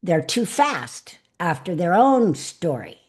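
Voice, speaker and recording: A woman's voice: on the low side, takes it slowly. Chatty woman coaching public speaking. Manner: chatty, expressive, animated delivery with laughs. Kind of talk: live online coaching talk.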